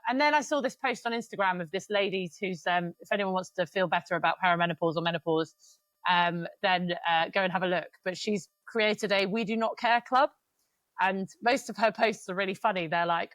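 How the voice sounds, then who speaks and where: A woman in her thirties chatting on a podcast, open and emotional, with the odd swear word and bursts of quick venting. Her voice sits at a middling pitch. It is recorded close and dry, with no room sound. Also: fairly bright tone, no echo. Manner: frank, emotional and swearing, speeds up when venting. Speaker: podcast co-host. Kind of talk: casual podcast chat.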